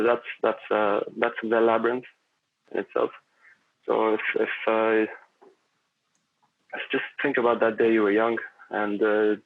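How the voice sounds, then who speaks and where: A man's voice: on the low side, creaky, breathy edge. A man chatting as a podcast guest, rambling and philosophical, with lots of fillers and restarts. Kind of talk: casual conversation. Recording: tinny phone-like line.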